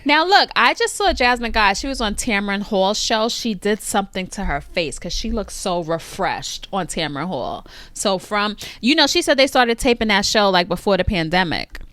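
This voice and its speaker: Lively gossiping woman podcast host. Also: medium pitch, moderate pace, hardly any pauses, no room sound. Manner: animated gossip, Southern Black American slang. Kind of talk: casual chat.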